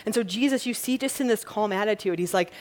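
A woman's voice: mid-range voice, quick pace. A woman preacher giving a sermon in a conversational, plain-spoken way, repeating her key points. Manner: lively, acts out quotes in a mock-panicked voice.

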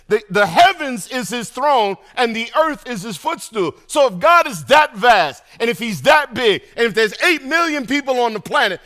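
A middle-aged man preaching a sermon to a congregation, animated and energetic, calling out to the crowd between points. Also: high-pitched. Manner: animated preaching with call-and-response asides. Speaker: pastor.

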